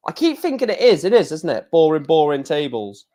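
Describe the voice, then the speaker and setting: Young man, from England, livestream host, excitable, rambling, mild swearing, slightly high voice. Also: a little fast. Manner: chatty, excitable, swears mildly, rambling asides. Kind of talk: casual darts watchalong commentary.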